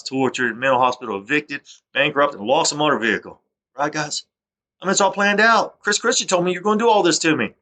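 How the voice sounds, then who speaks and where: A man's voice: a little high, bright, forceful tone. A man, delivering an aggrieved, rambling monologue that repeats itself and keeps breaking off to restart. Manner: agitated, repetitive, restarts often. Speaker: vlogger. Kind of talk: aggrieved rambling monologue over screen recording.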